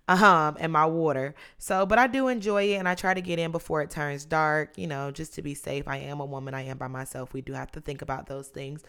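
A woman in her mid-twenties hosting her own podcast, chatting candidly with drawn-out emphasis. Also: low-pitched, vocal fry, fairly bright tone, clear, resonant tone. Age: 20s. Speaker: podcast host. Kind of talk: casual solo podcast chat.

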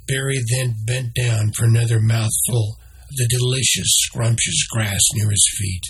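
A man narrating a children's story in a slow, measured read-aloud style. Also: fairly low pitch, a little hiss or hum.

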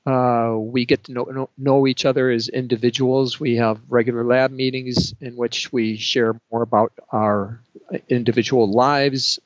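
A middle-aged man, a professor, answering interview questions in a measured, dry and understated way. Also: medium pitch, flat delivery, no room sound. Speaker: professor and research supervisor. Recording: slightly dull lo-fi audio.

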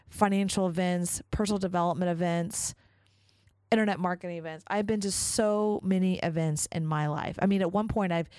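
A woman's voice: on the low side, darkish tone, dry recording. A woman hosting her own podcast, talking in a chatty, enthusiastic way with lots of casual fillers. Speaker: podcast host. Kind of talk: casual solo podcast monologue.

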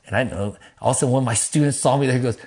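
A middle-aged man, a pastor, telling his life story in an interview in a lively, casual way, acting out quotes in a raised voice and cursing freely. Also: very fast. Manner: animated, acts out quotes in a high voice, laughs, swears casually.

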